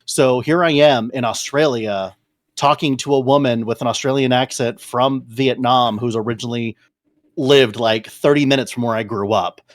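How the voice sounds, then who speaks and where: A podcast co-host from California with a middle-pitched voice. He tells an anecdote in a relaxed, amused way. The recording is dry and close. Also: normal speed, dry recording. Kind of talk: casual podcast chat.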